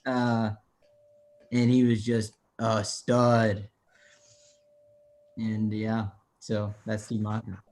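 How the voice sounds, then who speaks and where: A man's voice: fairly low pitch, completely flat delivery, drawn-out words, long pauses, a little mellow. A young man co-hosting a casual podcast, talking earnestly and eagerly about a favorite athlete. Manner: earnest, enthusiastic fan. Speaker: podcast co-host. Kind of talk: casual chat.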